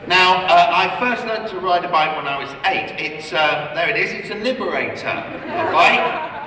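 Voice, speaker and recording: A middle-aged man giving a rambling after-dinner comedy speech, self-mocking and stumbling, with deadpan asides. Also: sits high, normal speed, a crowd in the background. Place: large hall at a gala dinner. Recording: echoey hall, heard from far off, audible room noise.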